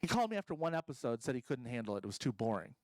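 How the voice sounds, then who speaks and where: A man's voice: mid-range voice, big pitch swings, racing, no room sound, poor audio. A man doing a stand-up comedy set at a convention stage, rambling and self-deprecating, full of ums and restarts.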